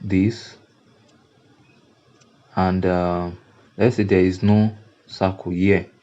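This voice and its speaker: Teaching through a screen-recorded software tutorial, a Nigerian English-accented graphic design instructor speaks slowly in a low, mellow voice with little pitch movement. He circles back over his words emphatically, using fillers and restarts, and the audio is dull and lo-fi.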